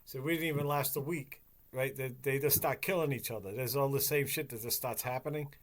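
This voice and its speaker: Male podcast host, casual, profane, animated storyteller, ordinary pitch. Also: fairly quick. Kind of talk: casual chat.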